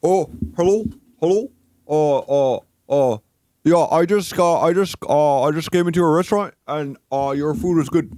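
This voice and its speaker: A stammering, flustered customer fumbles his words, as a man puts on a shaky Canadian voice. The voice sits a bit higher than usual and the sound is dry and close. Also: normal speed, a little mellow, no room sound, natural voice. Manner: stammering, hesitant. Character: bumbling man attempting a Canadian accent.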